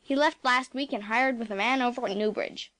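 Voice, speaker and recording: A woman voicing a gruff, irritable middle-aged bachelor who speaks disagreeably and growls. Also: on the high side, fairly quick, a bit bright, close to an everyday voice.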